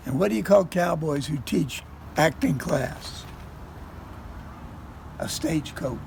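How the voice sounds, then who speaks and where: A folksy cowboy man, put on by a woman drawls out a corny joke slowly, in a low gravelly voice. A faint hiss of noise sits behind him. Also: lively intonation, a little mellow, full character voice. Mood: jokey.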